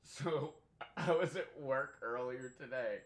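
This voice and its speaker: A man's voice: mid-range voice, takes it slowly. A young man streaming a game, chatting casually and rambling through stories, swearing freely and laughing often. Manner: profane, laughs often, animated storytelling. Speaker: gaming streamer.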